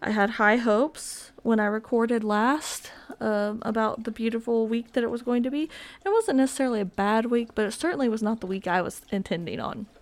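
A woman's voice: a little high, fairly quick. Young woman rambling on her podcast at home, lots of likes and ums, laughs at herself. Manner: rambling, filler-heavy, self-mocking. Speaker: podcast host. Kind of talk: casual solo chat. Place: home with dogs around.

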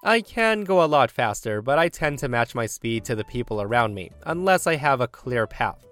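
A man narrating online stories, his voice swinging up and down with lively, disbelieving reactions between the retold events. His pitch sits in an ordinary middle range. Faint music plays underneath. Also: normal speed. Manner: animated, incredulous commentary. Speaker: story narrator. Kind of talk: reading online stories with commentary.

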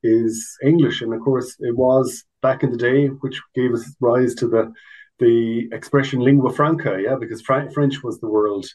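A man of ordinary pitch chats as an interview guest. He explains things loosely and warmly, doubling back on his words and tossing in asides as he goes. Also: steady tone, normal speed, poor audio. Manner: chatty and explanatory, full of restarts and asides. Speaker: guest, Irish language officer. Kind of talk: casual interview chat.

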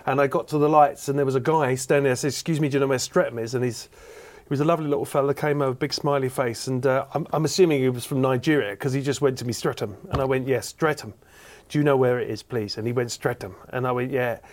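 A male comedian on a panel show, telling a rambling, animated anecdote. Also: medium pitch, fast talker.

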